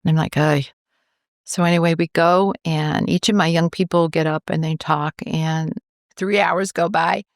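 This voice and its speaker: Gravelly-voiced woman telling a story. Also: low voice, normal speed, no room sound, clean studio sound. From New York, USA. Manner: animated, acts out quoted dialogue. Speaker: cancer researcher, guest. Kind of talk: storytelling in a podcast interview.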